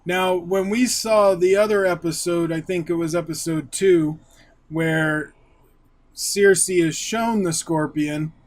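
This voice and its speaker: A man hosting a casual recap of a TV episode, retelling scenes with eager excitement. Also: sits high, slow. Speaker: YouTube show host.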